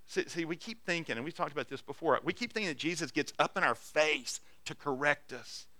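A man preaching an earnest sermon, swinging from loud urging to soft, intimate asides. His voice is bright and forceful, pitched a little above average. The sound is dry and close. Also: no room sound. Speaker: pastor.

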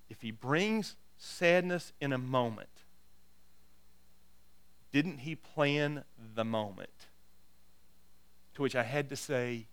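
Emphatic pastor with a smooth voice. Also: male voice, mid-range voice, slow pace, long pauses. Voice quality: repeats words when starting phrases. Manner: builds to loud emphatic exhortation, then quiet prayer. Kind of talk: sermon.

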